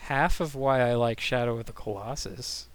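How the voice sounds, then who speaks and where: A man in a casual chat as a podcast co-host, curious and quick with follow-up questions. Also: medium pitch, background noise.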